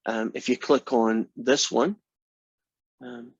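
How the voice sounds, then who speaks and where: A man's voice: mid-range voice, slow pace, vocal fry, breathy edge, dry recording. Scottish male math instructor, dry teasing wit, close dry sound, muffled lo-fi recording. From Scotland. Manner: dry teasing humor, relaxed and chatty. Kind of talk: classroom lecture.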